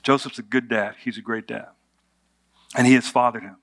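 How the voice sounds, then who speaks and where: A male pastor delivers a relaxed, conversational sermon. He speaks at a moderate pitch, leans on humor and rhetorical questions, and keeps a storytelling flow. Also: normal speed.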